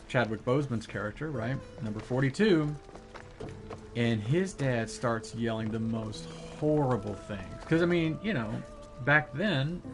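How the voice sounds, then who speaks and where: A man chatting casually with his viewers while gaming, rambling with lots of fillers and restarts. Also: medium pitch. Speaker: live streamer.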